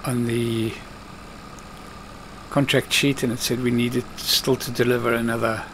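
A man at an ordinary mid pitch talks through his farming game in a loose, conversational way. He mutters to himself and tells off the game's clumsy drivers. A machine engine hums softly behind his voice. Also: little pitch movement, measured pace, slight background noise. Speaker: let's play host. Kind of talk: casual gameplay commentary.

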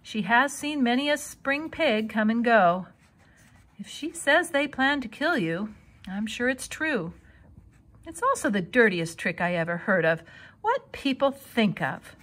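A woman voicing a calm, clever female spider who speaks briskly and firmly. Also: fairly high pitch, voice pushed up, exaggerated voice. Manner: brisk, firm.

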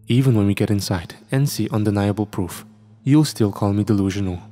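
A man's voice: lowish voice, fairly quick, dark tone, soft background music, lightly acted. A man voicing a determined young woman archaeologist who talks eagerly and insistently.

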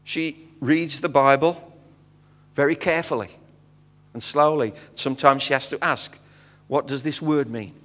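Speaking at a measured pace with medium pitch, a middle-aged British missionary guest preacher tells an animated story as his sermon, voicing the dialogue and dropping in many fillers. The recording was made in a church sanctuary with long hall reverb.

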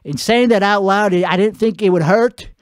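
A man's voice: sits high, moderate pace, clear, resonant tone, no echo, clean studio sound. A man hosting a comedy show, putting on an Italian-American accent, with a profane, rambling, self-mocking monologue recorded at home at night. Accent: put-on Italian-American.

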